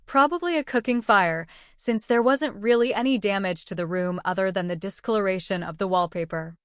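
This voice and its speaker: A woman reading passages from a submitted manuscript aloud in a steady, even way. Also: medium pitch, a little fast, clear, resonant tone, no room sound, clean studio sound. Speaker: manuscript reader.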